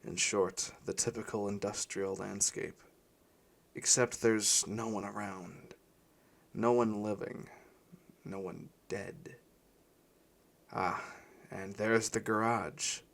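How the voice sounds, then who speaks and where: A man's voice: fairly low pitch, steady tone, slow, gravelly, long pauses, a bit bright. A man reading a first-person story aloud in a weary, wry voice. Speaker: audiobook narrator.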